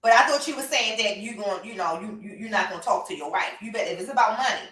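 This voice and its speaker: A woman's voice: mid-range voice, quick pace, a bit bright. A woman co-hosting a podcast, talking emphatically and animatedly with laughs. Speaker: podcast co-host and reptile breeder. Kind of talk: casual chat. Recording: roomy, distant from the mic.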